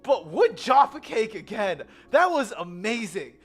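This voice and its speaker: An American woman telling a story in a casual vlog, animated and giggly. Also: medium pitch, measured pace, faint music behind. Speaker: vlogger. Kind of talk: casual chatty vlog with slides.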